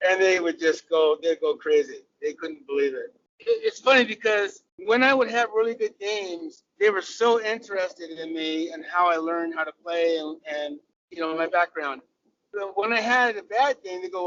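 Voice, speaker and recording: A man's voice: on the high side, moderate pace, fairly bright tone, slight background noise. An older man with an American accent, from Southern California, chatting as an interview guest with restarts and laughs. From Southern California, USA. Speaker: guest, former cricketer. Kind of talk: casual interview storytelling. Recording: dull sound, voice far from the mic.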